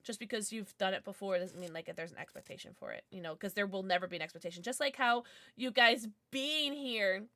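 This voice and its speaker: A woman's voice: mid-range voice, a little fast, bright, forceful tone, no echo, clean studio sound. A young adult woman streaming live and chatting with her viewers, bubbly and giggly, with lots of "like". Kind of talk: casual livestream chat, reading chat.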